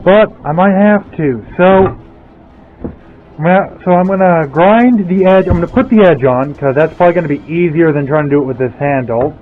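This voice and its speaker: A blacksmith vlogger rambles and thinks aloud while working in his workshop, speaking into a headset mic at normal speed in a voice on the high side. The audio is tinny and phone-like, with a bit of hiss or hum and faint music.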